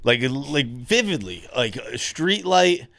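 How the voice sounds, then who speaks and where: A man's voice: mid-range voice, big pitch swings, slow pace, gravelly, a bit bright, no room sound, studio quality. A man from Massachusetts, a podcast guest in casual chat, telling rambling stories and laughing at himself. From Fall River, Massachusetts.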